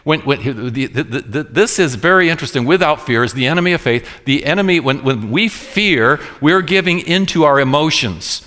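A man preaching a sermon to a congregation, slowing down to stress key words and repeating his points. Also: fairly high pitch, animated, pushed and bright. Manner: preaching with sudden slowed emphasis and repeated phrases. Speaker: pastor. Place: church room with congregation.

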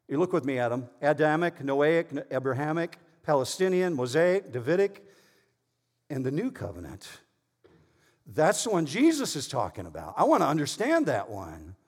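A middle-aged man preaching a sermon in a church, swinging from loud emphasis to hushed, near-whispered lines. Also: mid-range voice, breathy edge. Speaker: pastor. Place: church sanctuary. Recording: long reverb in a large hall.

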